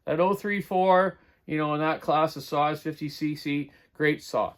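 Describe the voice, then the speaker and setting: Unhurried and steady in tone, a middle-aged man with a somewhat high voice demonstrates chainsaw repair at his home workshop. He talks while working, drifting casually between thoughts and fixing his own mistakes mid-sentence.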